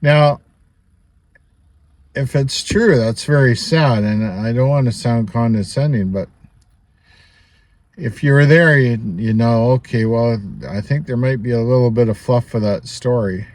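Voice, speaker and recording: A man vlogs a personal story in a medium-pitched, darkish voice, a little slow, with no room sound. It's rambling and chatty, dotted with asides, little laughs and "you know."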